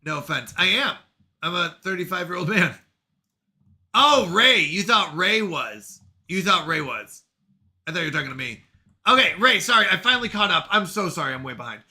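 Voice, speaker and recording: A man in his thirties hosting a live stream, reading chat aloud with quick, animated reactions. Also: high-pitched. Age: 30s.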